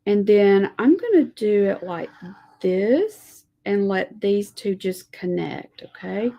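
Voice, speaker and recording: A woman teaching a live lettering lesson, talking gently to viewers as she draws and reads scripture. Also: mid-range voice, animated, vocal fry, highs cut off. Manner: slow, gentle, talks to viewers while drawing.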